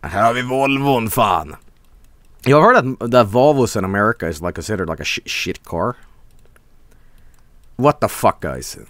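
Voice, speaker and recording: A Swedish-accented man commenting live on a game he is streaming, swearing freely and laughing a lot. His pitch jumps all over the place, and the sound is dry and close with no room echo. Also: normal speed, pauses often. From Sweden. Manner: excitable, profane, laughs often.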